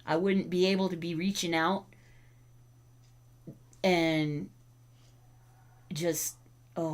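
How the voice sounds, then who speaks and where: A woman hosting a casual livestream, chatting with viewers and breaking off to talk to her dogs. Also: on the low side. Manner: chatty, talks to her dogs and chat between thoughts. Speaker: livestream host.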